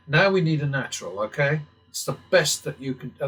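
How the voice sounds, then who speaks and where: A man's voice: mid-range voice, normal speed, a bit bright, poor audio. Man muttering blackjack calculations. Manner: muttering calculations, occasional swearing, wry asides. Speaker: blackjack strategy channel host. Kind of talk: casual commentary while playing simulated blackjack.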